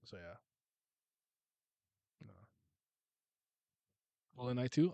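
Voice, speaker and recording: Male streamer host, bright-toned, dry close sound, loose rambling chat. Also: on the high side, unhurried, long pauses, dry recording. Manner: rambling, stumbling restarts, laughs often. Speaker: livestream host. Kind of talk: casual livestream chat.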